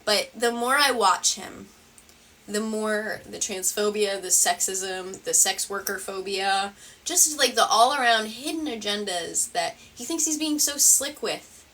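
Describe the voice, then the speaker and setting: A woman's voice: mid-range voice, animated, a little slow, bright, forceful tone, distant mic, slight background noise. A woman hosting a reaction commentary video, sarcastic and rambling, swearing often.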